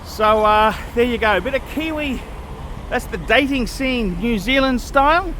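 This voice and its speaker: A man vlogging an off-the-cuff rant to camera, blunt and repetitive, often clearing his throat. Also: very high-pitched, expressive, measured pace, pushed and bright, a little hiss or hum.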